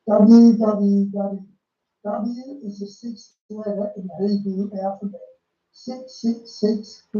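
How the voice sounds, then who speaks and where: Dark-voiced man preaching, echoey. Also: high voice. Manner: emphatic and repetitive, often restarting phrases. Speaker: religious commentator. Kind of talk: casual preaching commentary on a film. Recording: dull, lo-fi, roomy sound from a distant mic.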